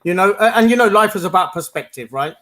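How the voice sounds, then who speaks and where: A man's voice: high voice, expressive, quick pace, pushed and bright, poor audio. A man on a live panel chat, laid-back, laughing often and slipping into Punjabi. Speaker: panel participant.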